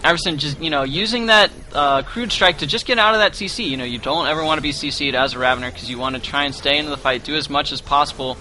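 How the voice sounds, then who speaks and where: A man's voice: on the high side, fast, hardly any pauses, bright, forceful tone. A man doing live play-by-play commentary on a competitive video game, talking loosely with lots of "you know" fillers.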